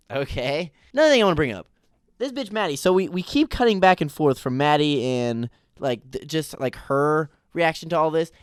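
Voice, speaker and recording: A man's voice: on the high side, clean tone, no room sound, clean studio sound. A man giving a casual, opinionated TV recap, ranting in a profane, exasperated way. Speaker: TV recap vlogger.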